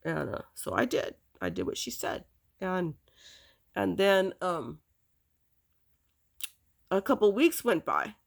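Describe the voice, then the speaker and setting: Gravelly woman telling a hard memory. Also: fairly low pitch, huge pitch swings. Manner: halting, full of restarts and "you know" fillers. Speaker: storyteller recounting her past. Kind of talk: casual spoken recollection.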